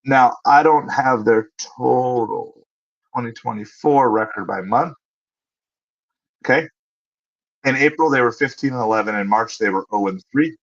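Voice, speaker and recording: A man's voice: mid-range voice, dull audio. A man hosting a casual livestream, answering viewers' questions in a conversational way and thinking aloud as he looks things up. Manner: conversational, thinks aloud, pauses with fillers while looking things up. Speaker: livestream host.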